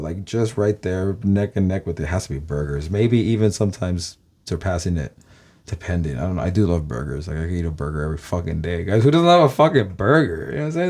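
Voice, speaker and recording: A man's voice: fairly low pitch, expressive, fast talker, a little mellow. Rambling, swearing man from Los Angeles. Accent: Californian American. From Los Angeles, USA. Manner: rambling, profane, keeps saying "guys". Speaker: vlogger. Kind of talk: casual rambling monologue.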